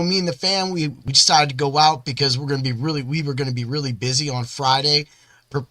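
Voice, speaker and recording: A man's voice: fairly high pitch, bright, forceful tone, no echo. A man hosting a podcast in a casual, rambling monologue, talking with boastful energy. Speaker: podcast host. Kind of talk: casual hype-filled monologue.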